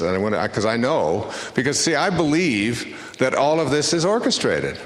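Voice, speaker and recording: A motivational speaker tells a personal story to a live audience in a conversational, anecdotal way, acting out the voices of the people in it. His mid-range voice is very animated at normal speed, with a little hiss or hum and roomy lecture hall reverb.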